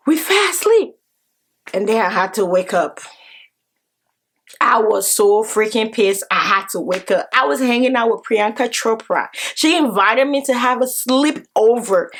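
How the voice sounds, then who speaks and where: A woman vlogger telling a story in an excitable, animated way, repeating phrases and swearing now and then. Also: mid-range voice, normal speed. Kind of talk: casual vlog storytelling.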